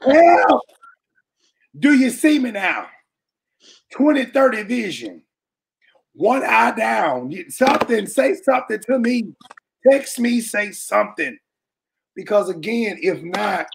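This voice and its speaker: Man, very high voice, preachy, animated, shouts for emphasis, calls folks baby and y'all. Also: unhurried, vocal fry, long pauses, background noise. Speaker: speaker addressing a church audience. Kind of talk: impassioned preaching-style talk.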